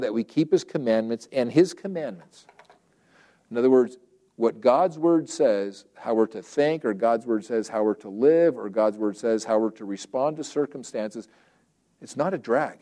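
A man's voice: mid-range voice, expressive, normal speed, warm tone. A man preaching a sermon in a conversational way, acting out quoted prayers and objections and often restarting phrases.

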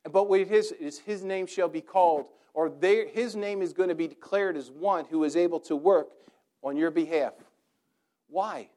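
A man's voice: on the high side, normal speed, warm tone. A man preaching a sermon, asking the congregation rhetorical questions and building his points through repeated, rhythmic phrases.

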